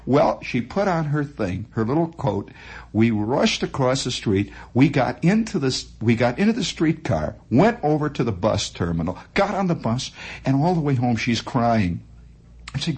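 Radio guy spinning a yarn, husky voice, pitch swinging all over. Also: unhurried. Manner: animated, dramatic, swooping into high voices. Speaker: radio host. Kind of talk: storytelling monologue.

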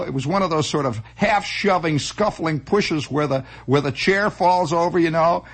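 A man's voice: on the high side, slight background noise. A man telling a rambling, wry, self-mocking comic story as a monologue.

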